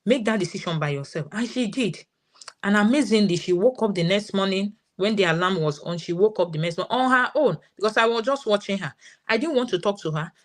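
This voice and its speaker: A woman's voice: mid-range voice, a little fast. A woman in her thirties with a Nigerian English accent, telling a story as a parent guest in a live session and quoting her daughter's words.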